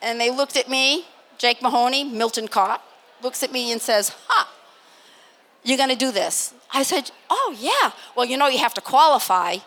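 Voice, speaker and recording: An older woman from Massachusetts telling a lively story as a guest on a live panel, laughing and acting out what people said. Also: fairly high pitch, moderate pace. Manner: animated, laughing, acts out quotes. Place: live expo stage.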